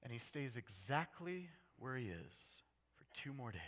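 A man preaching a casual, conversational sermon in an animated, jokey way, swinging between hushed and loud. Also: medium pitch, measured pace.

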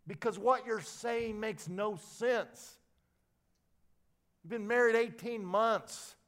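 A man's voice: high-pitched, takes it slowly. Emphatic older male preacher. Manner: animated storytelling, swinging from quiet asides to loud emphatic lines; repeats and restarts words when fired up. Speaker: pastor. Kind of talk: sermon.

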